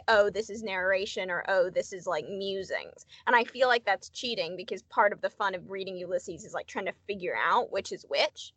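In a casual podcast chat, a woman with a slightly high, fairly bright voice quizzes her co-host, her talk heavy with fillers and chatty throughout. There is no echo.

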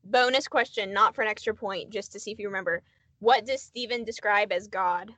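A woman co-hosting a podcast chats casually, full of fillers, while running quiz questions on her co-host. Her mid-range voice is brisk, pushed, and bright, with no echo.

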